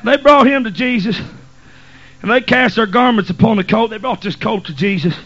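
A preacher delivering a folksy, hurried sermon and reading scripture. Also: male voice, high-pitched, fairly bright tone, muffled recording. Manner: folksy, hurried, dialect grammar.

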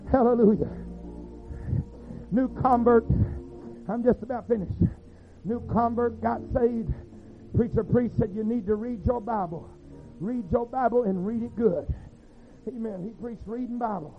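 High-voiced preacher, tinny recording. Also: male voice, measured pace, long pauses. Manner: rhythmic, folksy, swings from hushed to shouting. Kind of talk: sermon storytelling. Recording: tinny phone-like sound with faint music.

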